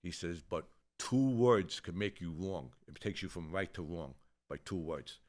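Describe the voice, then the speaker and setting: A man's voice: low-pitched, unhurried. A man, telling an old neighborhood story in casual chat, swearing freely and acting out the people he quotes. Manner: rough-edged, swears freely, animated when quoting others. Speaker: show host telling a story.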